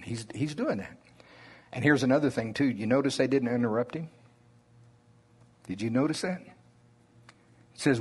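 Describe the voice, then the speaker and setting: Oklahoma guy preaching slow and easy, kinda husky voice, drawl all the way. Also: medium pitch. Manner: slow, deliberate, conversational preaching. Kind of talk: sermon.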